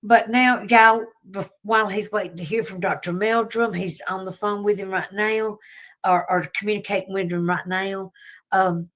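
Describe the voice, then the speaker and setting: A woman's voice: mid-range voice, steady tone, normal speed. A woman with a Southern US drawl chats through a casual livestream in a mid-range voice. She is folksy and talkative and breaks into laughs as she goes. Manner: chatty, warm-hearted, folksy, laughs often. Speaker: livestream host.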